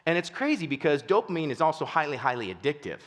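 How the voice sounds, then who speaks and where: Animated, goofy man speaking in a hall. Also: a little high, fast talker. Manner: animated, goofy storyteller who acts out voices. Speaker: keynote speaker. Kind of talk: storytelling keynote speech.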